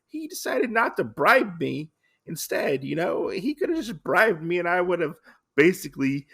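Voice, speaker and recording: A boastful male warrior who takes offense at everything, as a man voices him. The voice sits well above the man's own, with a gravelly, bright edge. He grumbles and huffs indignantly through every line. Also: sits high, sing-song, normal speed, pitched above the performer's own voice, exaggerated voice. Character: touchy boastful male warrior, full of himself. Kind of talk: quick voice in a casual plot recap.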